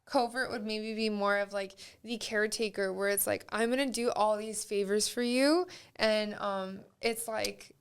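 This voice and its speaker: A young woman, a guest on a casual podcast, explaining ideas in a measured, lecturing way. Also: mid-range voice, fairly even intonation, clean tone.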